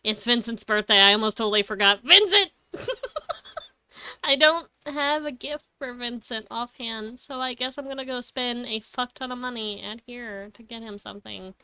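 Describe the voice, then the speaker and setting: A woman's voice: a little high, fairly even intonation, brisk, few pauses, sharp tone, smooth, no room sound. A young woman streaming a game, chatting casually, giggling and swearing freely as she rambles and corrects herself. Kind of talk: casual live-stream chat.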